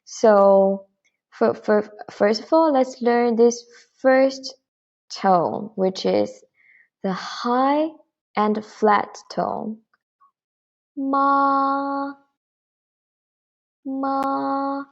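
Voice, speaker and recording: Slow, patient woman teaching beginners. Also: medium pitch, darkish tone, lo-fi sound. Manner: slow, patient, demonstrates tones clearly. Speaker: Mandarin teacher. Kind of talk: beginner language lesson.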